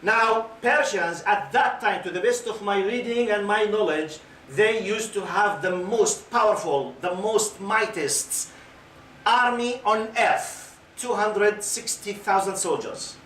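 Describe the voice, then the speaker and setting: A man's voice: high-pitched, slow pace, a bit bright, slight background noise. A man in his fifties giving an Islamic lecture to a youth audience. He questions the listeners, waits for their answers and talks in loose, repeating phrases, often adding "okay?". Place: lecture hall with a live audience. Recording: echoey room picked up from a distance.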